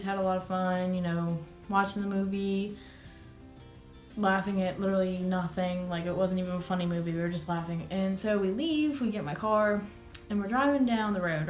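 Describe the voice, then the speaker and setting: A woman's voice: mid-range voice, fairly even intonation, normal speed, faint music behind. A young adult woman casually telling a dramatic personal story on her vlog, swearing, laughing and exaggerating as she goes. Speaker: vlogger. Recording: echoey room.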